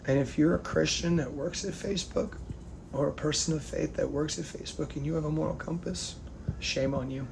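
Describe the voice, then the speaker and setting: A man from the United States delivering an angry, profane rant to camera, swinging between loud outbursts and hushed, near-whispered lines. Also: on the high side, a little fast, gravelly, background noise. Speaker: vlogger.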